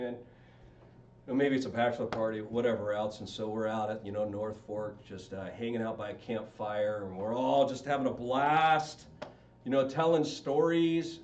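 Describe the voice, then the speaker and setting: A middle-aged man counseling an audience on marriage, casual and joking, asking them questions. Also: darkish tone. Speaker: marriage counselor and wedding officiant. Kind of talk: talk to a live audience. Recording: roomy, distant and dull with faint rumble.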